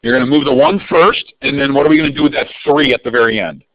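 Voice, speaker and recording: Calling on students by name with upbeat energy, a man teaches math in a live online algebra review. He talks fast in a slightly high voice with vocal fry and huge pitch swings. The dull lo-fi audio is dry and has no room sound.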